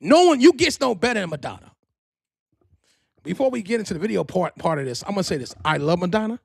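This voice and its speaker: A man hosting a podcast, telling gossip stories in a profane, rambling, animated way. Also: high-pitched, fast, vocal fry, breathy edge, no echo, studio quality. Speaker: podcast host. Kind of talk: casual storytelling monologue.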